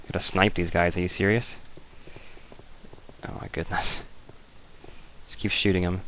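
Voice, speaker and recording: A man's voice: low-pitched, level tone, a little slow, a bit bright, slight background noise. A man hosting a casual let's-play, rambling and thinking aloud with wry asides as he plays. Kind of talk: casual gameplay commentary.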